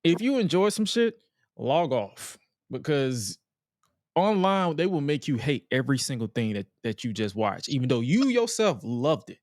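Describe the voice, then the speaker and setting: A man's voice: medium pitch, very animated, normal speed, a little mellow, dry recording, studio quality. A man co-hosting a podcast, ranting bluntly and profanely in casual chat. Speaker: podcast co-host.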